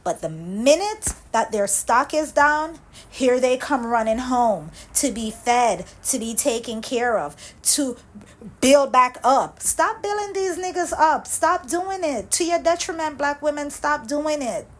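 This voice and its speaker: A woman with a high-pitched voice delivers an angry, impassioned rant for her reaction vlog. She speaks slowly and deliberately, repeating phrases for emphasis. Her tone stays heated and insistent throughout. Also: lively intonation, rough recording. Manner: impassioned ranting, repetitive emphasis. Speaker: commentary channel host.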